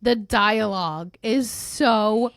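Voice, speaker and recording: A woman's voice: mid-range voice, takes it slowly, no room sound, studio quality. A woman co-hosting a casual recap podcast, playful and laughing often as she draws out words for emphasis. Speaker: podcast co-host.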